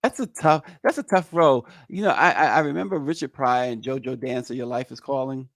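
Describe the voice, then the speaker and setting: A man's voice: medium pitch, a little fast, no room sound, studio quality. A man hosting a morning news show, reading headlines and chatting loosely with many fillers and restarts. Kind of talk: news talk and casual commentary.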